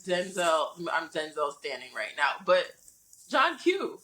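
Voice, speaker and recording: A woman co-hosting a casual talk show in a mid-pitched voice that swings widely up and down. She tells stories in an expressive, lively way. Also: measured pace, rough recording. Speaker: co-host. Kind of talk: casual chat.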